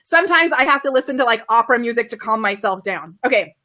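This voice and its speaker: A woman coaching viewers on a live video stream, high-energy and excitable, laughing often, with her microphone set well away from her. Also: fast. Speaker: camera confidence coach. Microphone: microphone kept far from her.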